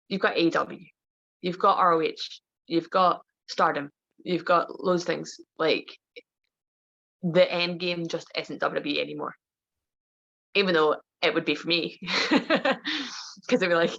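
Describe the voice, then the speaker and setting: A woman's voice: sits low, level tone, normal speed, creaky, fairly bright tone, dull audio. A woman wrestler, a podcast guest, telling stories in casual chat and laughing often.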